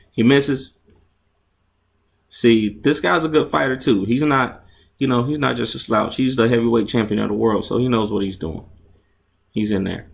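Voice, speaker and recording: A man's voice: lowish voice, vocal fry. A man casually narrating and explaining his own comic book, chatty and enthusiastic, often restarting his sentences and acting out sound effects.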